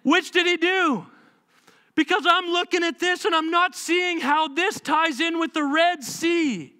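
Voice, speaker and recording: A male pastor preaching a sermon in a church, emphatic and animated, firing off rhetorical questions. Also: extremely high pitch, a little slow. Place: church sanctuary.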